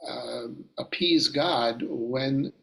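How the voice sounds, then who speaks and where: A man leads a scripture lesson with a gravelly voice at an ordinary pitch. He speaks deliberately, going back over his words and restarting his phrases as he explains. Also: fairly bright tone, poor audio. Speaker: Torah teacher. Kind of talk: Bible study lecture.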